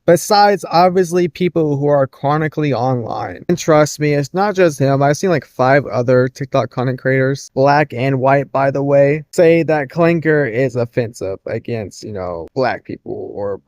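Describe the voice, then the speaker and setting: A man's voice: medium pitch, normal speed, hardly any pauses, a little mellow, no echo, clean studio sound. A man hosting a casual reaction commentary, blunt and mocking, who laughs off what he reacts to. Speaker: commentary host.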